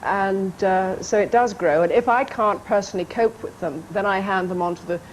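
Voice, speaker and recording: A woman's voice: medium pitch, moderate pace, low-quality recording. An actress being interviewed on a TV chat show, telling amused anecdotes and putting on little voices for the people in her stories. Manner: amused storytelling, playful quoted voices, light laughs. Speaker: actress and guest. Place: TV studio. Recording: archive TV broadcast with faint background noise.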